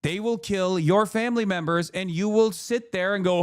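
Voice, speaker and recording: High-voiced man in a heated profane rant. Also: normal speed, clean tone. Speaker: streamer. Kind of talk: livestream commentary, arguing with chat.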